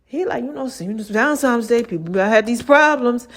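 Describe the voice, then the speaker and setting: A woman's voice: fairly high pitch, lively intonation, fairly quick. Woman chatting solo on her podcast, playful, loose, giggly. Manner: laughs often, slangy and playful, voices quoted talk. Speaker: podcast host. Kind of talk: casual monologue.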